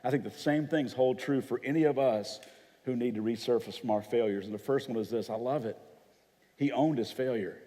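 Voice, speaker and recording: A pastor preaching a sermon, telling stories vividly and acting out the voices of people in them. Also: male voice, mid-range voice, fairly quick, dark tone, in a large hall. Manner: dramatic storytelling, acts out quoted voices. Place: church hall.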